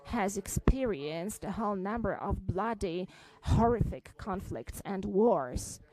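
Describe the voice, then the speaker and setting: A woman giving a simultaneous interpretation at a press conference, halting, with frequent fillers and restarts. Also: medium pitch, lively intonation, warm tone, low-quality recording.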